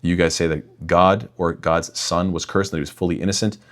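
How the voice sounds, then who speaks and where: A man's voice: deep voice, fairly even intonation, fairly quick. A young man talking straight to his listeners in an emphatic religious rebuttal, often calling them "guys". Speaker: imam and apologetics speaker.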